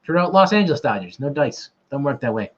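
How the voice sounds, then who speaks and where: A man hosts a relaxed trivia livestream, rambling and making self-deprecating jokes. He talks fast in a mid-range voice with big pitch swings, recorded on a camera mic as dull lo-fi livestream audio.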